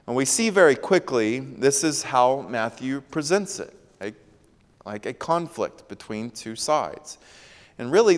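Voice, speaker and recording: Man, sermon, slow deliberate delivery, smooth clear voice, emphatic repetition, long hall reverb. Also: mid-range voice. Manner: slow, emphatic, repeats key phrases. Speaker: preacher.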